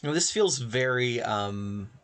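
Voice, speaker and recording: A man's voice: medium pitch, lively intonation, slow pace, fairly bright tone. A man casually joking and bemused while streaming a video game. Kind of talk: casual chat over a game.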